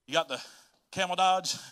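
A man preaching a sermon in an energetic, folksy way, often repeating himself and laughing. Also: high-pitched. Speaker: pastor.

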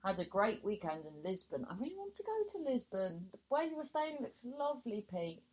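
A woman presenting a chatty radio show, reading out listener messages and reacting with animated exclamations. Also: fairly quick, breathy edge. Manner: animated, exclaiming, swings high in surprise.

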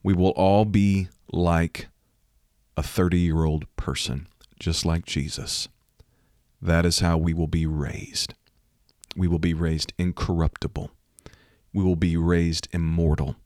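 A man preaching a sermon, fervent and building to loud, urgent exhortation, close to the mic. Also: low-pitched, fairly even intonation, takes it slowly, no echo.

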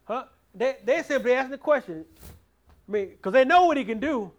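High-voiced man leading bible study. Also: expressive, brisk, muffled recording. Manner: preacherly, rising and falling emphasis, call-and-response; repeats and restarts words.

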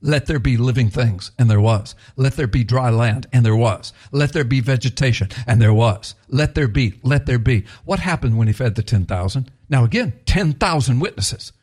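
A man's voice: medium pitch, normal speed, few pauses, darkish tone. A man preaching a sermon in a conversational, emphatic way, repeating key phrases for effect.

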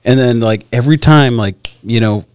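A man's voice: mid-range voice, normal speed, darkish tone, clean tone, no room sound. A man telling hunting stories in casual chat, rambling with lots of fillers and frequent laughter.

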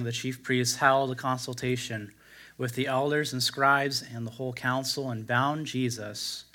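Male preacher, bright ringing tone, reads scripture aloud as a sermon and lifts his voice for the quoted lines. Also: medium pitch. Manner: reads the King James text aloud, rising for quoted cries.

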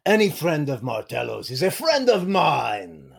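A man playing a gruff, hearty male shopkeeper who haggles over prices in a tabletop game. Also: on the high side, big pitch swings, a little slow, heavily acted.

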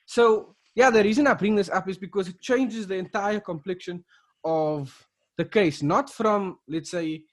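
A man's voice: high-pitched, unhurried. A man from South Africa co-hosting a casual podcast, retelling events with lots of restarts and fillers. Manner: rambling, many restarts and fillers. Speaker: podcast co-host.

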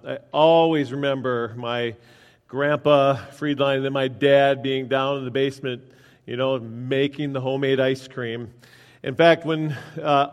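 A man with a slightly high voice gives a sermon in a chatty, joking manner, bantering with the congregation. His words ring with the long reverb of a church hall. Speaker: pastor.

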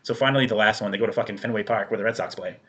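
A man's voice: fairly low pitch, racing, a bit bright. A young man in casual chat, telling rambling, profanity-filled stories as a podcast co-host.

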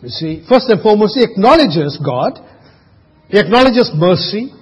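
A man preaching a sermon, asking the congregation questions and dropping his voice to a hush for emphasis. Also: high voice, very animated, normal speed, breathy edge, long reverb tail, muffled recording. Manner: rhetorical questions, sudden drops to a hush. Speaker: pastor.

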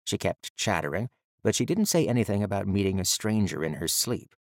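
A man reading an audiobook in measured, even storytelling narration. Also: lowish voice, no room sound, clean studio sound.

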